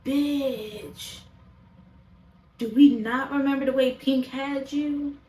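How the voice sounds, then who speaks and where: A woman with a slightly high voice talks straight to camera about a show she is reviewing. She is blunt, opinionated and swears casually. Her voice bounces around an echoey room. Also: steady tone, slow pace, mellow. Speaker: show reaction vlogger. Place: indoors, talking to a camera.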